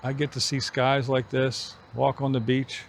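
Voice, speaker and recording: A middle-aged man vlogging on an evening walk outdoors, musing in an unhurried way with pauses between phrases. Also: mid-range voice, flat delivery, vocal fry, a little hiss or hum. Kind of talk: reflective walking vlog chat.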